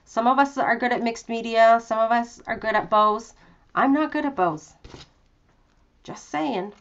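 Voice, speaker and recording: A woman's voice: fairly high pitch, measured pace, lo-fi sound. A young woman hosting a live craft tutorial from her home craft room, chatty and self-deprecating, with lots of fillers. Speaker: craft demonstrator.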